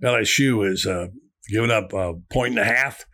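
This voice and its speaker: A man hosting a sports talk show, bantering with a gruff, exasperated, wisecracking manner. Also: on the low side, moderate pace, sharp tone. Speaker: sports radio host.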